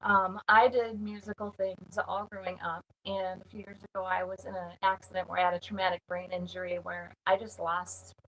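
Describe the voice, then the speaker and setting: A woman's voice: lowish voice, little pitch movement, brisk, few pauses, fairly bright tone, low-quality recording. A woman from the Minneapolis area giving an earnest, candid testimonial about songwriting. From Minneapolis area, United States. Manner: earnest, candid, with light laughs. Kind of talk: spoken testimonial.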